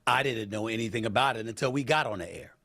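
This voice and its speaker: A man hosting a talk show, giving measured, deliberate commentary on a news story. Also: mid-range voice, gravelly, sharp tone, no echo.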